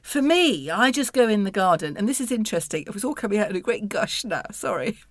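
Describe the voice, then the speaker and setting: A woman's voice: mid-range voice, very animated, fast, no echo. A woman co-hosting a casual studio chat, wry, exasperated and self-mocking. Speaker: podcast co-host.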